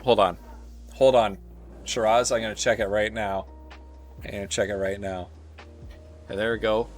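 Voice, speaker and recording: A man with a Canadian accent giving casual, rambling live commentary as he plays a strategy game, often pausing on filler words. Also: fairly low pitch, steady tone, soft background music. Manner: rambling, thinking aloud with frequent filler pauses. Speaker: streamer.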